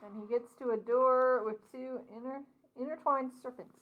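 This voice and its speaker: A woman with a slightly high voice chats casually at a book club. She retells scenes in her own words and laughs often. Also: fairly even intonation, normal speed, phone-quality sound, a little hiss or hum. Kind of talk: casual chat.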